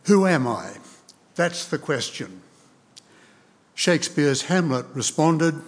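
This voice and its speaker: Slow, measured male preacher in hall. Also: fairly high pitch, very animated. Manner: measured, deliberate delivery with scripture readings. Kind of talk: sermon. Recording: long reverb of a large hall.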